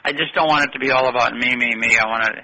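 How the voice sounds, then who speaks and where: A man's voice: medium pitch, fairly even intonation, racing, bright, forceful tone, muffled recording. An older man telling long, rambling stories in an interview and correcting himself as he goes. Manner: rambling, anecdotal, self-correcting. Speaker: guest. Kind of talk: interview storytelling.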